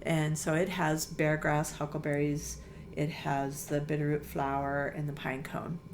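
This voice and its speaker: A middle-aged woman with a notably low voice tells stories about her quilt shop in a relaxed interview. She talks in a chatty, enthusiastic way, full of fillers and asides. A faint hiss of background noise sits under the recording. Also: a little slow. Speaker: quilt shop owner, guest. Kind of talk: casual interview conversation.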